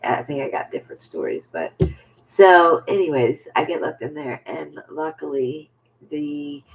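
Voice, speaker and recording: Gravelly man telling a halting story. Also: a little high, lively intonation, dull audio, slight background noise. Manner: halting and rambling, full of fillers and restarts; often drops to a near whisper. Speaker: vlogger. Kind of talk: personal storytelling to camera.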